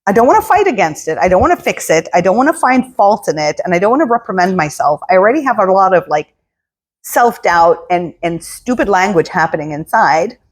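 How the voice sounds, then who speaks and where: Lively, breathy-voiced woman coaching. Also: medium pitch, fairly quick. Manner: animated, acting out inner voices in quotes. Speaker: spiritual coach. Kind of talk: casual motivational talk.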